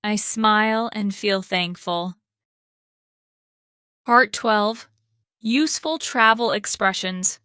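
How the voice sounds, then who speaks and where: Woman podcast host, slow careful lesson narration, bright and clear, dry close sound. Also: medium pitch, dry recording. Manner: slow, careful, evenly spaced sentences. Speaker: podcast host and English teacher.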